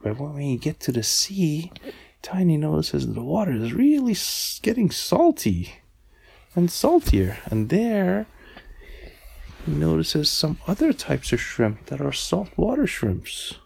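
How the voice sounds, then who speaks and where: A man's voice: on the high side, big pitch swings, slow, vocal fry, a little mellow, breathy edge. A man improvising a bedtime story, meandering and repeating words, sometimes dropping to a whisper.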